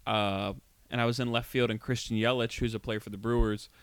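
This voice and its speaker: A man's voice: mid-range voice, fairly even intonation, a little fast, clear, resonant tone, dry recording. Easygoing young man, casual podcast chat. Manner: easygoing, joking, agreeable. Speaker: podcast co-host.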